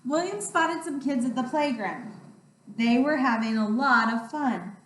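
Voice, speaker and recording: A woman teacher reading picture books aloud, expressive and playful, with roars. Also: high-pitched, unhurried. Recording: roomy sound, distant mic.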